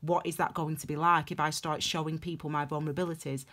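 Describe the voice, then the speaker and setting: A young woman giving a casual tarot reading to camera, emphatic and animated, repeating phrases for stress. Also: low-pitched, fast. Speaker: tarot reader.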